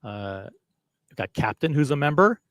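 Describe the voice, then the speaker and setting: A man's voice: mid-range voice, very animated, normal speed, fairly bright tone, smooth, no room sound, studio quality. A man hosting a casual live stream, rambling and self-deprecating as he chats with viewers. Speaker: livestream host.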